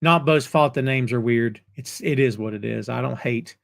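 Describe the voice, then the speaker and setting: A man's voice: mid-range voice, normal speed, creaky. A middle-aged man hosting a live wrestling talk show, folksy and jokey as he banters with viewers. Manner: animated, folksy, jokey banter with chat readers. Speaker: podcast host.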